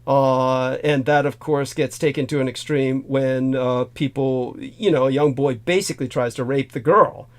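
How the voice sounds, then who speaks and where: A man's voice: medium pitch, fairly even intonation, moderate pace, few pauses. A man hosting a casual talk show, rambling through a film discussion with many fillers and restarts. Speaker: host.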